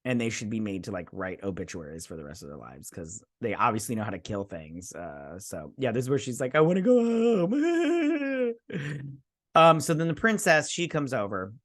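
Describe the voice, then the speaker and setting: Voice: deep voice, animated, a little fast, few pauses, fairly bright tone. A host giving a casual, sarcastic recap and review of a TV episode, rambling with many fillers.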